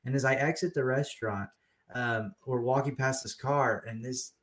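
A man's voice: mid-range voice, normal speed. A young adult man from the United States, co-hosting a podcast in casual chat, telling stories with lots of laughter. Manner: animated storytelling, laughs often. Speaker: podcast co-host.

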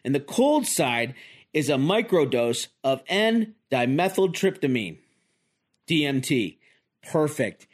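A man in his forties running a solo podcast, joking his way through a loose, rambling monologue. He pokes fun at himself as he goes. His voice sits a bit higher than most men's. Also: very animated, slow. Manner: rambling, self-deprecating joking. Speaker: podcast host. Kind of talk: casual comedic monologue.

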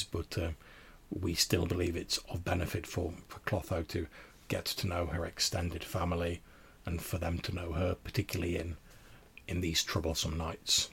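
A man's voice: sits low, creaky, a bit bright, a little hiss or hum. A man voicing a proud, courteous old female vampire crone who speaks formally and often repeats words. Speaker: game master.

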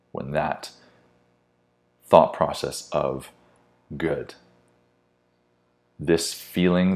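A man with an extremely deep, low voice delivers a blunt motivational talk as a fitness coach. He speaks with intensity and swears casually, while faint music plays underneath.

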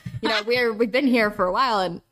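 A woman's voice: on the high side, quick pace, a bit bright. A woman from North Carolina talking in a casual podcast conversation, earnest and reflective, often repeating her phrases. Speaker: podcast speaker.

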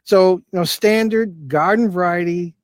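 A man's voice: high voice, moderate pace, no echo. Older man telling a rambling ghost story. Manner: rambling, many fillers and restarts. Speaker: paranormal investigator guest. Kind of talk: storytelling in an interview.

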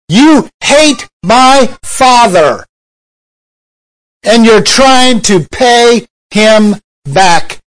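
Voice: medium pitch, low-quality recording. A preacher voicing Jesus rebuking Satan, firm and emphatic, repeating lines in a sermon.

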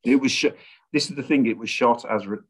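This middle-aged man, guesting as a screenwriter in a conversational interview, has a mid-range voice. He speaks in a measured, reflective way while searching for words.

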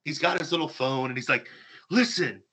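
A man's voice: medium pitch, quick pace, sharp tone, breathy edge. A man hosting a talk show, ranting sarcastically and with heavy emphasis. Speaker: podcast host. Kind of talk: heated opinion talk.

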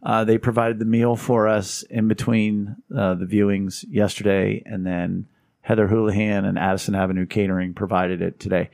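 A man hosting a podcast, chatting casually and telling stories with wry humor, slipping into lively quoted voices. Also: on the low side, normal speed, gravelly, dry recording, studio quality. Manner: storytelling, wry humor, animated quoting. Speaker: podcast host. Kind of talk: casual chat.

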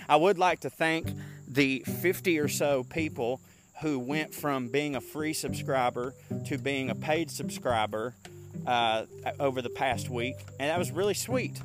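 A man's voice: mid-range voice, unhurried, over music. Profane man ranting on a walk. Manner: profane, animated, rambling. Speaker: podcast host. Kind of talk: casual rant. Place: walking outdoors in a park.

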